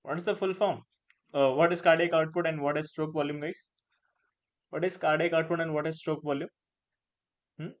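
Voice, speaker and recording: A man's voice: a little high, fairly even intonation, moderate pace, long pauses. A man with an Indian English accent giving a live online pharmacology lecture, repeating phrases, tagging lines with "right?" and slipping in Hindi words. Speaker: pharmacology teacher.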